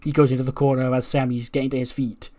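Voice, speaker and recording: A man hosting a let's play, narrating a simulated wrestling show in lively play-by-play with offhand asides. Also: medium pitch, fast.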